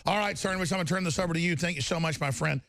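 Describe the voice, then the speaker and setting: A man's voice: a little high, very fast, creaky, background noise. A man hosting a political talk show, talking in an emphatic, rambling and combative way. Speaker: radio show host.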